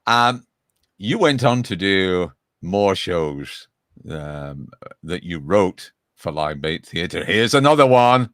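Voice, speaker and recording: Low-voiced host with a lively pitch. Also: male voice, slow, no room sound, clean studio sound. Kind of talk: casual interview chat.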